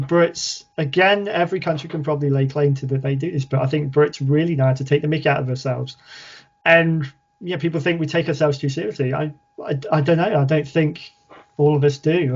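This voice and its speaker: A man with a British English accent, chatting as a podcast guest in a relaxed, self-deprecating way that often trails off softly. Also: on the high side, dull audio. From England. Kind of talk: casual interview chat.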